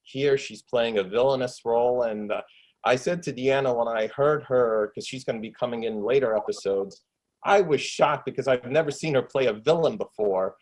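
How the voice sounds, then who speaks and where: A man chatting from home into a desktop mic, eager and rambling, mid-pitched. He piles up fillers and restarts as he gushes. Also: moderate pace, darkish tone, low-quality recording. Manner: enthusiastic, rambling, lots of fillers. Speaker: actor and filmmaker. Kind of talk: casual video interview. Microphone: desktop USB microphone with pop shield.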